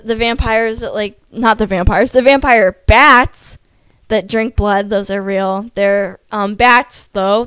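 A woman's voice: on the high side, a bit bright, clean tone, dry recording. A young adult woman vlogging in a casual, rambling way, with lots of "like" fillers and self-deprecating asides. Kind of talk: casual chatty vlog.

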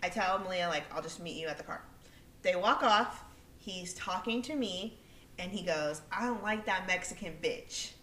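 A young woman co-hosting a podcast, telling a story in a casual, animated way, acting out what people said and swearing freely. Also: on the low side, moderate pace, distant mic, slight background noise. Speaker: podcast co-host. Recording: echoey room, away from the mic.

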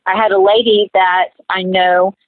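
A woman's voice: medium pitch, level tone, measured pace, no room sound. Woman telling her story over a tinny line. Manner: earnest storytelling, acts out quoted voices. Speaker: interview guest, minister. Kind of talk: personal testimony in conversation. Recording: tinny phone-like line, dry.

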